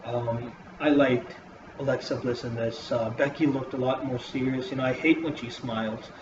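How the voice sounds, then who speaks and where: A man reviews a wrestling show in a casual vlog, his mid-range voice fairly even and at normal speed. His commentary is profane and rambling with constant fillers, and the lo-fi recording is roomy and dull with hiss.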